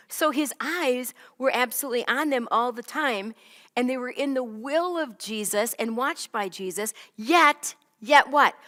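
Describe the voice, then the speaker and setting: A woman's voice: on the high side, a bit bright, big-room sound. A woman teaching a Bible lesson in a conversational way, often checking in with "right?" and "okay?". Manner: chatty, keeps asking "right?" and "okay?".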